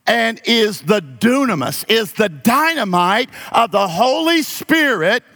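High-voiced man preaching a sermon. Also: very animated, slow pace, gravelly, sharp tone, faint music behind. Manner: folksy storytelling turning to emphatic preaching. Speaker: pastor.

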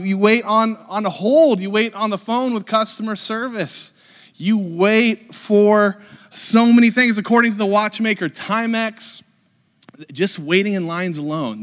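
A man in his thirties, a pastor, giving a lively, joking live sermon to his congregation, with lots of fillers and restarts. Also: on the high side. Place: church sanctuary with a congregation. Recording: long reverb of a church hall.

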